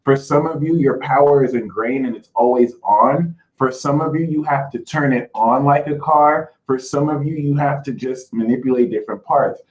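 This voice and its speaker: A man's voice: mid-range voice, normal speed, few pauses, low-quality recording. A man hosting his own channel, giving a casual spiritual talk straight to his viewers in a chatty way. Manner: chatty, addresses viewers directly as y'all. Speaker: spiritual reader and channel host.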